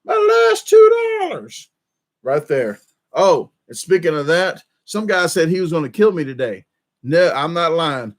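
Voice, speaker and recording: A man's voice: on the high side, moderate pace. A middle-aged man hosting a casual livestream, rambling and correcting himself as he talks. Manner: rambling, self-correcting, chatty. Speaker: channel host.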